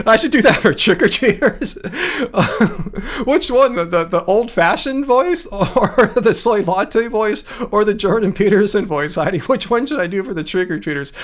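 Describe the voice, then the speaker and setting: A man's voice: sits high, lively intonation, moderate pace, few pauses. A man hosting a livestream in casual chat, joking, laughing at himself and reacting to comments from chat. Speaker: livestream host.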